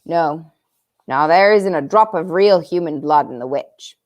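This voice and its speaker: A woman's voice: deep voice, a little slow, darkish tone. A woman voicing an earnest, kindly male talking beaver in a storybook, with a folksy drawl that creeps into his speech.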